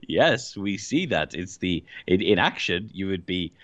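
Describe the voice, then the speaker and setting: A man's voice: low voice, big pitch swings, a little slow, a bit bright, no echo. A man co-hosting a podcast in casual chat, answering with dry, teasing quips. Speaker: podcast co-host.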